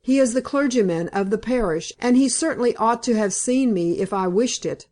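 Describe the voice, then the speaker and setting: A woman's voice: on the high side, normal speed, warm tone, lightly acted. Desperate young woman in a storybook, dogged, pleading, read by a woman. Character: distraught young woman seeking revenge.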